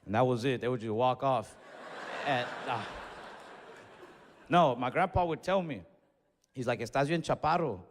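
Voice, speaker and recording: A man's voice: medium pitch, unhurried, pauses often, noisy background. A young man telling a profane story on stage as a stand-up comedian, slipping into acted-out voices. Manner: animated, acts out other voices, profane and loose. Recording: long hall reverb on stage.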